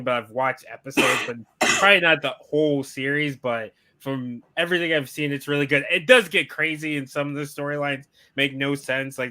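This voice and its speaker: A man's voice: mid-range voice, bright, forceful tone. A man co-hosting a podcast, chatting casually and rambling with lots of "like" and "um". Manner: rambling, hedging with "like" and "um". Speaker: podcast co-host. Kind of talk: casual chat.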